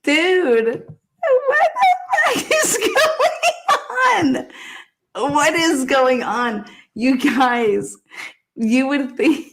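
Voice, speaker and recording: A woman hosting a livestream, reacting to a clip with a profane, mocking rant. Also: on the high side. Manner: swearing, mocking, bursts of laughter. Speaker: livestream host.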